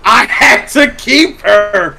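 A man's voice: very high voice, takes it slowly, gravelly, heavy background noise. A man hosting a podcast, telling a profane story in a casual chat and laughing often. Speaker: podcast host.

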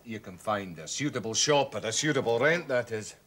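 A man's voice: mid-range voice, animated, brisk, a bit bright, natural voice. A middle-aged man with a Scottish accent playing a cautious, grumbling working-class father. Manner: doubtful, grumbling. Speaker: father in a family drama.

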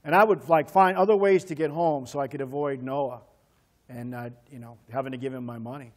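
A man's voice: steady tone, a little fast. A man pastor preaching a sermon, telling a childhood story and acting out the voices in it, then leading a prayer. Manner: storytelling, acts out voices with pitch swings. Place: church.

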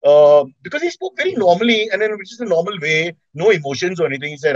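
A middle-aged man with an Indian English accent telling animated comic stories in an interview. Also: a little high, quick pace, no echo, highs cut off. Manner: animated storyteller, acts out quotes. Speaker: comedian and TV host, guest. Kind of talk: anecdotal interview chat.

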